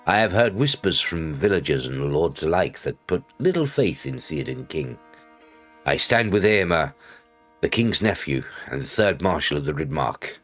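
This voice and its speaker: A man reading quest dialogue aloud as a proud, grave male noble of Rohan, slow and solemn. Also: rumbling low, big pitch swings, fairly bright tone, faint music behind, voice pushed down, exaggerated voice.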